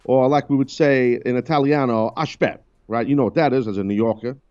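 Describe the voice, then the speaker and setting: A man's voice: medium pitch, quick pace, mellow, muffled recording. A man hosting a radio talk show, chatting loosely and teasing his co-hosts. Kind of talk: casual on-air banter.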